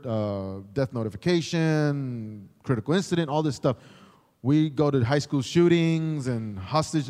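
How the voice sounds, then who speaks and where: A middle-aged man, a chaplain, teaching in a sermon style, animated, acting out the voices he quotes. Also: mid-range voice, big-room sound. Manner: animated, acts out quoted voices, repeats words when starting. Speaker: chaplain and pastor.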